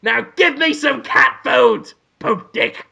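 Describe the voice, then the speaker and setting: Cast a man as a rude male cartoon cat, pitched high, loud and insulting. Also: takes it slowly, creaky, husky, heavily acted. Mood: demanding. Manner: shouty, bossy, insulting. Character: rude foul-mouthed male talking cat.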